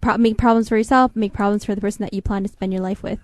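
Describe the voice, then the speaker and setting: A woman's voice: medium pitch, steady tone, quick pace, no room sound. A woman co-hosting a casual call-in talk show, rambling with frequent restarts and hesitations. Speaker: co-host. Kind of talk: casual chat.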